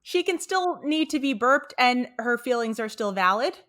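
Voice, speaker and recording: A young woman co-hosts a casual podcast, talking through a cartoon episode and reading quotes from her notes. Her voice is bright and a bit high. She sounds chatty and easygoing. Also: lively intonation, moderate pace. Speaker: podcast co-host.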